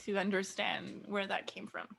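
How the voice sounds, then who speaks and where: On a podcast she co-hosts, a young woman from Greece tells a story in relaxed chat, sprinkling in lots of "likes" and laughs. She speaks at a medium pitch and moderate pace with a level, fairly bright tone that's creaky and slightly rough.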